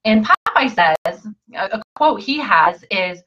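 A woman's voice: medium pitch, animated, takes it slowly, pushed and bright, poor audio. A woman coaching listeners in an earnest, emphatic motivational talk, often repeating her phrases.

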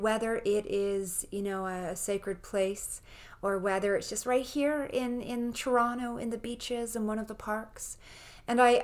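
A middle-aged woman hosting a podcast, telling a personal story in an earnest, animated way with frequent restarts. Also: medium pitch. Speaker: podcast host and shamanic practitioner.

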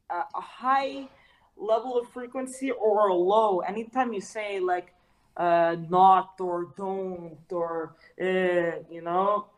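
A woman guest in a casual interview, musing earnestly and filling her thoughts with "like" and "you know". Her voice sits at an ordinary middle pitch for a woman.

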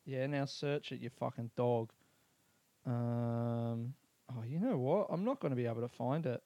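A man's voice: medium pitch, measured pace, mellow, no room sound. A man hosting a podcast, chatting casually and swearing as he rambles and mutters to himself. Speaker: podcast host.

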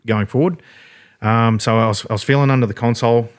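Fast-talking Australian man telling a yarn. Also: mid-range voice, fairly even intonation. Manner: rambling, heavy swearing, laid-back. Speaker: podcast guest. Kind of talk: casual storytelling.

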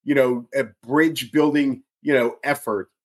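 A man's voice: mid-range voice, steady tone, a little slow. A man from outside Chicago with a Chicago accent, talking politics in a casual chat, emphatic and often repeating his words. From outside Chicago, USA.

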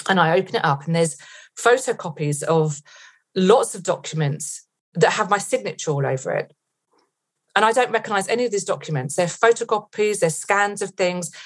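A middle-aged woman from England, a podcast guest, retelling a tense story vividly with quoted thoughts. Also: on the low side.

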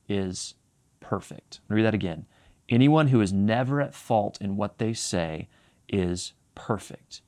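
Guy preaching a sermon, low gravelly voice, earnest, keeps restarting his words. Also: a little mellow. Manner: reads scripture aloud, then explains it. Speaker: pastor.

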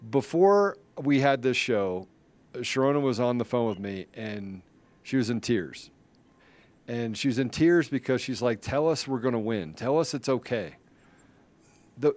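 A middle-aged man hosting a political podcast, talking with fervor and frequent restarts. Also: medium pitch. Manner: fervent, rambling, with many restarts, rising to rally-style shouting. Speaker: podcast host. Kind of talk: casual political talk show.

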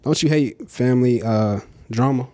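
A man's voice: mid-range voice, moderate pace, dark tone. A man co-hosting a podcast in casual chat, laid-back, reading out news and laughing often. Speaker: podcast co-host.

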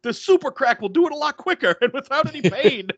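A man voicing a jittery, nerdy young man who keeps rationalizing himself, pushing his voice high. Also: huge pitch swings, fast, sharp tone, slightly rough, no room sound, dull audio, heavily acted. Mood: frantic.

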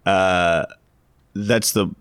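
Middle-aged aussie bloke rambling through a story, low gravelly voice, dry close mic. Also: male voice, fairly even intonation, very slow, fairly bright tone, no room sound. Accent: Australian. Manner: meandering anecdotal storytelling. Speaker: podcast co-host, financial adviser. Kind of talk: casual chat.

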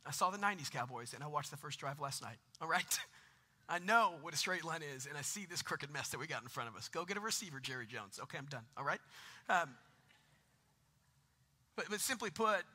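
A man's voice: a little high, lively intonation, a little fast, long pauses, sharp tone, slightly rough. A man, preaching a conversational sermon with jokes and rising emphasis. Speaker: pastor.

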